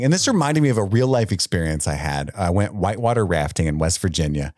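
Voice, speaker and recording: Man, podcast co-host, casual movie recap, storyteller, acts out quotes, deep voice, dry close sound. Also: lively intonation, fast talker, few pauses, darkish tone, no room sound.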